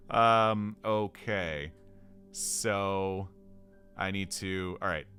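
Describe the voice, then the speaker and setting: A man's voice: low-pitched, extremely slow, bright, forceful tone, faint music behind. A man playing through a solo tabletop adventure, chatting to himself in rambling asides. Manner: chatty, rambling self-talk with asides and chuckles. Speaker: solo tabletop game player.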